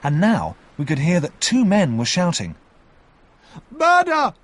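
A man reading a story aloud with expressive narration. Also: on the high side, normal speed, slightly rough.

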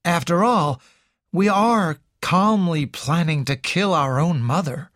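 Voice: mid-range voice, slow, a bit bright, dry recording, studio quality, pitched above the performer's own voice. Reader voicing a tense, bitter young man. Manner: urgent, bitter, insistent.

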